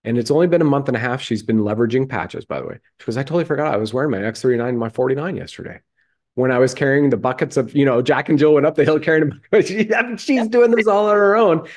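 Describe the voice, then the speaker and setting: A man hosting an online chat, talking up his guests with eager enthusiasm. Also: a little high. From Canada. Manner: enthusiastic, hyping. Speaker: host. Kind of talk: casual chat.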